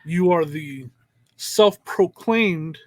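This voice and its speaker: High-voiced man telling a story. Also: very slow, no room sound. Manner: animated storytelling, laughs often. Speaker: podcast co-host. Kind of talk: casual chat.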